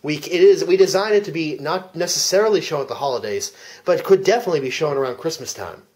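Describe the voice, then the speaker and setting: A man with a slightly high voice narrates a made-up film plot as a mock commentary track. He talks with earnest deadpan seriousness and stumbles over his words now and then. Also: quick pace. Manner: earnest storytelling with frequent restarts. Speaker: comedic fake commentary speaker.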